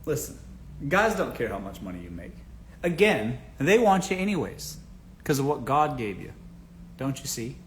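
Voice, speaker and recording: A man's voice: medium pitch, big pitch swings, normal speed, a little hiss or hum. A man hosting a livestream who gives blunt, joking advice and calls his viewers folks. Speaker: livestream host answering viewer questions. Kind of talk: casual livestream advice chat.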